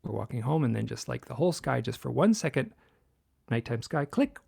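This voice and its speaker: A man's voice: mid-range voice, a little fast, creaky, darkish tone, breathy edge, no room sound, studio quality. A man in his sixties from Michigan, telling a personal story as a guest in an interview, dropping to a whisper at tense moments. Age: 60s. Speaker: guest author.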